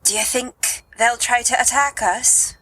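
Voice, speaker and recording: A woman's voice: on the high side, fairly even intonation, a little slow, pushed and bright, husky, poor audio. A woman playing a tabletop game, talking hesitantly with fillers. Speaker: player. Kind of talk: casual tabletop play.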